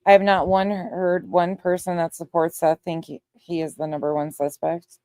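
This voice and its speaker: A woman co-host chats in a dry, sarcastic way, with a lowish voice. The sound is close and dry. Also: level tone, moderate pace, mellow, dry recording. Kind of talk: casual commentary chat.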